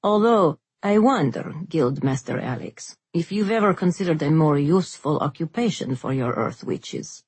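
Curt, sarcastic male diplomat, read by a woman; low, husky. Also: normal speed, few pauses, no room sound. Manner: curt and flat, thinly sarcastic. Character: blunt, irritated male sea-trader diplomat.

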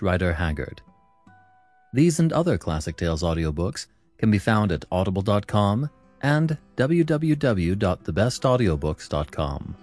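A man narrating an unabridged audiobook in a measured, expressive storytelling manner. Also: fairly low pitch.

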